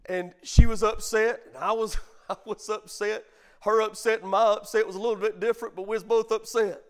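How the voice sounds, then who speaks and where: A man's voice: high-pitched, steady tone, a little fast, clean tone. A middle-aged man preaching a sermon as pastor, calling the congregation to answer and telling a folksy family story. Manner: preaching with call-and-response, bursts of emphasis.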